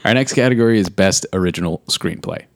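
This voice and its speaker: A man with a very deep voice co-hosts a casual podcast. His delivery is playful and dry as he runs through the categories, recorded close with no room sound. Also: fast, no room sound. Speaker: podcast co-host. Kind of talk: casual chat.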